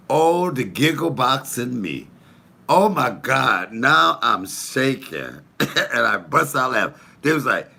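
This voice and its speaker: Animated laughing man with gravelly voice. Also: mid-range voice. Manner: animated, laughing, rambling anecdotes. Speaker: live stream host. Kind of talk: casual storytelling on a live stream. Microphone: phone.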